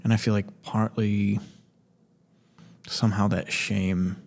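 A man co-hosting a podcast, talking in a slow, gentle, reflective way. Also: lowish voice, level tone, vocal fry. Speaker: podcast co-host. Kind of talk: casual chat.

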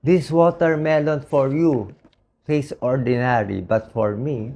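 A hoarse man with a Filipino accent, a doctor speaking in an emotional personal vlog, talking slowly and pleadingly. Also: medium pitch, a little mellow. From Philippines. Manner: slow, pleading, mixes English and Tagalog. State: hoarse, voice dried out.

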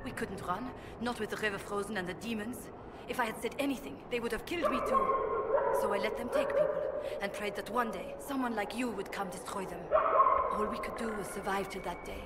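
An actress playing a defiant middle-aged village elder who defends herself firmly. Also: female voice, medium pitch, a little fast, very noisy, lightly acted.

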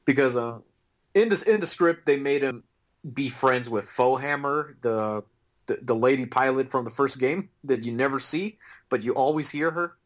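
A podcast co-host chats casually, hesitating with lots of ums and restarts and laughing easily. He speaks at a normal speed in a mid-range voice.

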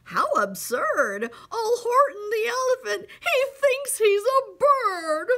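A woman voicing a crowd of storybook animal friends who jeer in a shrill, mocking way. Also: big pitch swings, takes it slowly, pushed and bright, a little hiss or hum, heavily acted.

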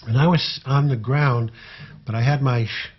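An older man, a former tour manager, telling personal anecdotes in a relaxed, halting way. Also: mid-range voice, husky, lo-fi sound. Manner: relaxed, halting storyteller with fillers.

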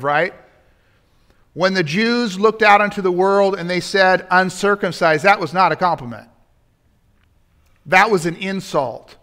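Guy preaching in church, kinda high voice, swings from loud emphasis to quick asides. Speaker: pastor. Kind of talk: sermon. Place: church sanctuary.

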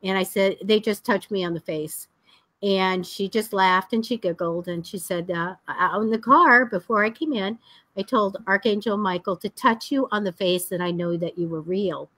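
A woman co-hosting a live psychic show. She chats casually, laughs often and talks in a blunt, lively way. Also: medium pitch, moderate pace, dry recording. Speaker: psychic co-host. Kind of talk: casual live-stream chat.

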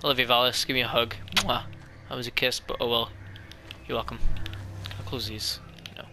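A young man giving excitable let's-play commentary, jokey and chatty, talking back to the characters on screen. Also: mid-range voice, a little fast, a little hiss or hum. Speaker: gaming YouTuber.

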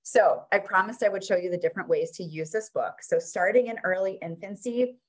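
A woman's voice: mid-range voice, fairly quick. A woman presenting her children's book, reading it aloud in a playful, sing-song way.

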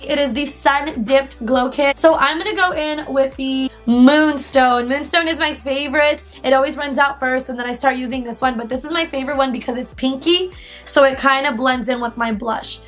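A high-voiced young woman talks her viewers through her makeup routine in a chatty, playful way, often giggling at herself. Faint music plays quietly under her voice. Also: steady tone, normal speed. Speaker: beauty vlogger. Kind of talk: casual makeup tutorial chat.

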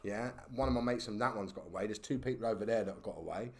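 A man, a podcast guest telling stories in casual talk, animated and full of slang and tag questions. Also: lowish voice, quick pace, vocal fry. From England. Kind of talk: casual storytelling.

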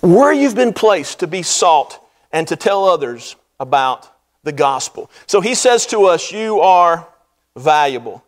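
High-voiced man preaching a sermon. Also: very animated, measured pace. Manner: earnest preaching with swelling emphasis. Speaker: pastor. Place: church sanctuary.

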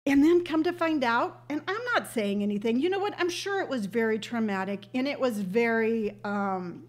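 A woman's voice: a little high, normal speed, hardly any pauses. Chatty older woman telling stories. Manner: chatty storytelling, emotional and tearful at moments. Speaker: livestream host. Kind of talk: casual livestream chat. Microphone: webcam on a livestream.

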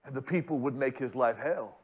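A male pastor preaching a sermon, turning often to speak straight at the congregation and swinging from loud, stretched-out lines to hushed ones. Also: medium pitch, brisk, slightly rough. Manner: addresses the congregation directly.

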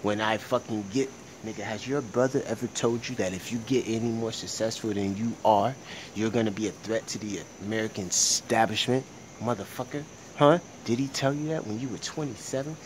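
A young man ranting profanely in a casual vlog, swinging between low mumbling and loud shouting. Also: steady tone, a little fast, a little hiss or hum. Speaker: vlogger.

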